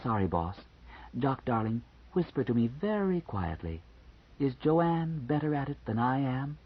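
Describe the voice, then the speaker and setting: A flirty, teasing woman, voiced by a male audiobook reader, with a lively, bouncing delivery and a slightly husky tone. The sound is a little muffled and lo-fi, as in a home-made audiobook recording. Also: mid-range voice, measured pace. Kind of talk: audiobook character voice.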